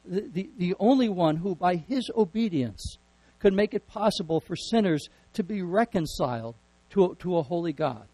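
A man's voice: high voice, animated, moderate pace, few pauses, warm tone, no echo, rough recording. Earnest preaching man, dry close sound. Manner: earnest, repeats words when building emphasis. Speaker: pastor. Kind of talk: sermon.

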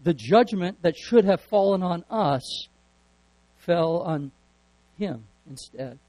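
A man's voice: fairly high pitch, darkish tone, rough recording. A man preaching a sermon earnestly, often repeating words as he builds emphasis. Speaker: pastor.

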